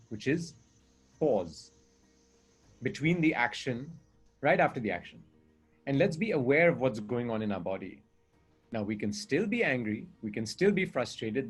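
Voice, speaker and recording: A man's voice: mid-range voice, breathy edge. A man speaking as a communication coach in a conversation, earnest and explaining with examples and rhetorical questions.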